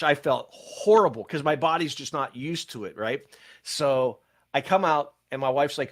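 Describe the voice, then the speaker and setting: An older man, a pastor and podcast host, telling stories in casual church podcast chat with animated, quick bursts. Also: medium pitch.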